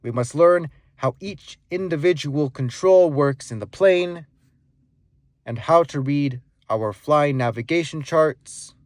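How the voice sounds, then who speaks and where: A man teaching speaking skills, demonstrating volume, pitch and pauses as he explains them. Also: a little mellow, dry recording, clean studio sound. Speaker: speaking coach. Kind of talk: instructional monologue with live demonstrations.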